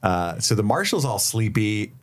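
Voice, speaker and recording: A man co-hosting a casual podcast, recapping episodes in an animated way and acting out characters' lines. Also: on the low side, normal speed. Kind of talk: casual chat.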